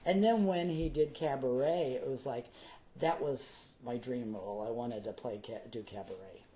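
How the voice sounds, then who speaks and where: A man, a guest performer, telling theater anecdotes in a casual interview, animated and theatrical. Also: medium pitch, moderate pace, slight background noise, rough recording. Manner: animated, theatrical, slips into character voices.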